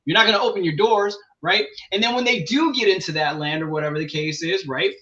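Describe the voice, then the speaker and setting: A man's voice: sits high, pushed and bright. A man arguing on a talk radio show, pushing his point with a string of rhetorical questions. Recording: dull lo-fi sound.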